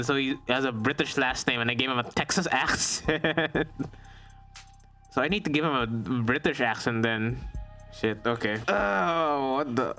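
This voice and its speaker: A chatty streamer reading a visual novel aloud, joking between lines in a plain mid-pitched voice. Game music plays quietly under him. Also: male voice. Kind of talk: casual reading and commentary.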